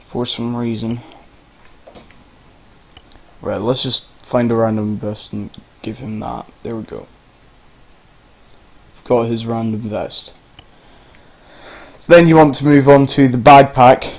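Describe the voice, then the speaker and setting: A man's voice: medium pitch, fairly even intonation, slow pace, pauses often, a little mellow, rough recording. A man narrating a casual game tutorial, rambling and informal, with the odd swear.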